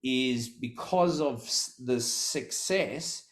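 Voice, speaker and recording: A man's voice: medium pitch, extremely slow. A middle-aged man, a podcast guest telling a story in conversation, full of restarts and repeated words.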